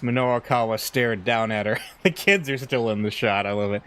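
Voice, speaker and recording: A man's voice: mid-range voice, a little fast, few pauses, fairly bright tone, smooth. A man playing a visual novel, reading the story aloud with amused, chuckling commentary. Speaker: let's play gamer.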